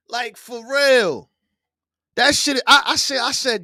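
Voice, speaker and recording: A man hosting a live online show, ranting loudly and profanely with bursts of yelling. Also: very high voice, slow, no room sound, studio quality. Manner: loud, profane, animated, yelling at times. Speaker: podcast host. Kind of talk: heated live-stream rant.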